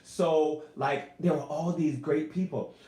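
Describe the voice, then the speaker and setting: A man speaks earnestly to his viewers on a casual home live stream, his voice sitting a little high. He gets emotional and animated as he calls out to them as y'all. The webcam sound carries a noticeable room echo. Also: takes it slowly. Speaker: YouTuber and singer.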